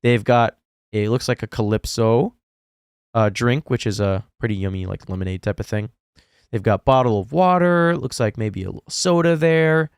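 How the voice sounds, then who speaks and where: A man's voice: normal speed, clear, resonant tone, dry recording, clean studio sound. A man giving sarcastic, indignant commentary over a video clip. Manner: indignant, sarcastic, swings into high exaggerated voices. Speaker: commentary YouTuber. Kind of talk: reaction commentary.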